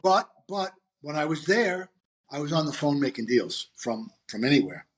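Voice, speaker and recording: A man in his sixties, a podcast guest telling stories in a brisk, animated way. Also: a little high. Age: 60s. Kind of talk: casual storytelling.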